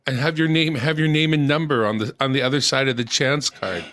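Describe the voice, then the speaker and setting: A man from Canada, a game panelist, bantering excitably and joking with the others. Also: medium pitch, a little fast. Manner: excitable, jokey. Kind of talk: casual banter.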